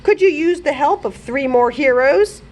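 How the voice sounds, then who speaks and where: A woman voicing an excited young princess hero in a storybook read-aloud, with a bright, eager manner. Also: high voice, moderate pace, voice pushed up. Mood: cheerful.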